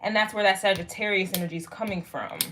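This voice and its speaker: A young woman giving a casual spoken astrology reading to viewers, rambling and frank, swearing freely and filling pauses with "like" and "um". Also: mid-range voice, steady tone, background noise. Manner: rambling, frank and profane, lots of fillers. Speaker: tarot and astrology reader.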